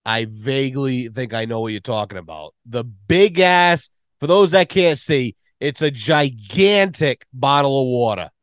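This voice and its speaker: A man's voice: mid-range voice, animated, a little slow, hardly any pauses, clean tone, no echo, studio quality. A man hosting a podcast, telling rambling, profane stories in casual chat. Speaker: podcast host.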